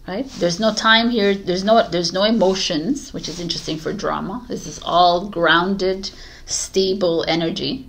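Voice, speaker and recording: Animated woman giving a tarot reading. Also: fairly low pitch, unhurried, creaky. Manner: animated, laughing, coaching. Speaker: tarot reader. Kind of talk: casual tarot reading to camera.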